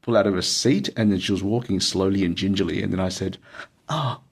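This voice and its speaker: A low, husky Australian man spins a loose, meandering story. He leans on "um" and "like," circles back on himself, and laughs his way through it. It sounds like an easygoing personal tale told straight to camera. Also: steady tone, fast. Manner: rambling, many fillers and laughs. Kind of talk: casual anecdote telling.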